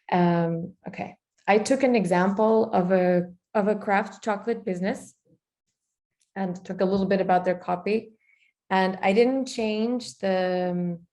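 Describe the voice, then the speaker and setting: A woman presenting a lesson in a loose, conversational manner. Her voice sits at a middle pitch, and she often pauses to check in with the listener. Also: darkish tone. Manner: conversational, uses fillers and asks "right?". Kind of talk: presentation on branding.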